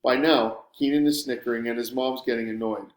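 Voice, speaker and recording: An audiobook narrator, male, tells a first-person story with a wry, sardonic edge. His pitch is middling for a man, his delivery brisk with fairly even intonation, and a clearly roomy echo surrounds his voice.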